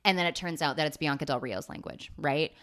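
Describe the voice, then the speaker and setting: Woman, twenties, low pitch, sweary, rambling comic recap, lively asides. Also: brisk. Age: 20s. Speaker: comedian. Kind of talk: comedic movie recap.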